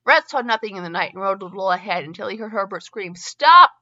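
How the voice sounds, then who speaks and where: A woman's voice: medium pitch, quick pace, sharp tone. A middle-aged woman reading a story aloud, stumbling and restarting often on words, with a dull lo-fi sound. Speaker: fanfiction reader and podcast host.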